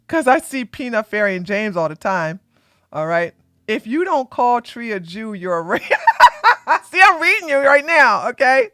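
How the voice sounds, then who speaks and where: A woman host doing live-stream commentary in an animated, sarcastic way, often breaking into laughter. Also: fairly high pitch, measured pace, dry recording.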